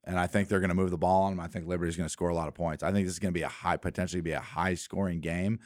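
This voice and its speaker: A man's voice: deep voice, very fast, dry recording, clean studio sound. A man co-hosting a sports talk show, telling stories and acting out plays. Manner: storytelling, animated when acting out plays.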